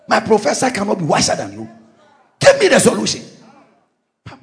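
A man preaching a charismatic sermon as pastor, fervently shouting declarations and decrees. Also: sits high, huge pitch swings, fairly quick, creaky, long pauses, a little hiss or hum.

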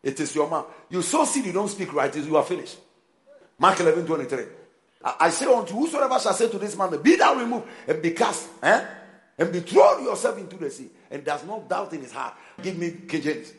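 A man's voice: high voice, lively intonation, brisk, a bit bright. A man preaching a sermon as pastor, emphatic, with call-and-response and repeated phrases.

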